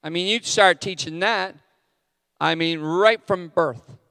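A middle-aged male pastor delivers a sermon, breaking off into candid, self-mocking asides. His voice sits a little high and comes through smooth. Long reverb trails after each phrase, as in a hall. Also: slow pace, sharp tone, clean studio sound.

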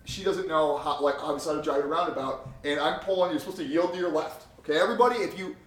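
A young man co-hosting a podcast, telling stories in a profane, animated way. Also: fairly high pitch, fast talker. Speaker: podcast co-host. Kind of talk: casual chat. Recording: roomy sound, distant from mic.

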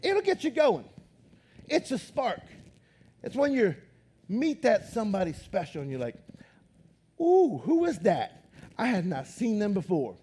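A man preaching a lively sermon as pastor in a church, talking loud, excited and animated. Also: high-pitched, normal speed, slightly rough. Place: church auditorium.

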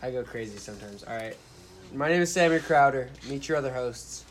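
A young man hosts a casual podcast from a cabin in the woods. He talks at an ordinary pitch in a loose, joking way and often restarts his sentences. A faint hiss runs under the recording. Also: animated, fairly quick. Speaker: podcast host.

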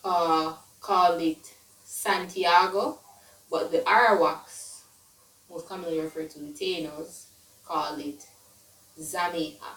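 A woman's voice: fairly low pitch, steady tone, slow pace, a bit bright, distant mic. A young Jamaican woman co-hosting a podcast in casual chat, joking and trailing off as she talks. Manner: chatty, joking asides, trails off. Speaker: podcast co-host. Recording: roomy, set back from the mic.

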